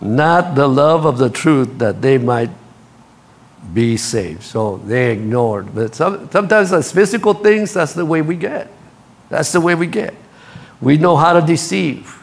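A man preaching a sermon, telling stories with lively energy and speaking straight to his congregation. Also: fairly high pitch, a little slow, vocal fry. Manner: animated storytelling, acts out quotes, laughs at his own stories; addresses the congregation directly. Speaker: pastor.

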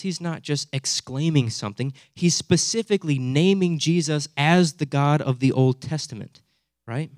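A young man preaching with animated, conversational energy, regularly tossing quick asides to his listeners. His voice sits at an ordinary middle pitch, and the recording is close and dry, with no room echo. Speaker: pastor. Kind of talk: sermon.

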